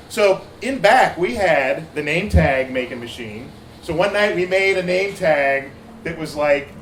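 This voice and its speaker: A man from Ohio doing a loose, rambling stand-up set at a bar open mic, full of fillers and restarts. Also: on the high side. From Ohio, USA. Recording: echoey bar room with crowd noise.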